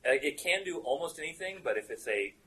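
Lively bright-voiced male game master. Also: fairly high pitch, fast talker, a little hiss or hum, poor audio. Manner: explanatory, laughs often. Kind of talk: running a tabletop game.

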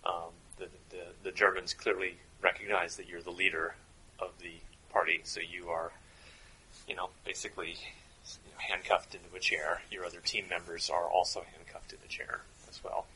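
A man narrating a tabletop role-playing game as game master, relaxed and chuckling, thinking aloud with fillers. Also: low-pitched, normal speed, a little hiss or hum, poor audio.

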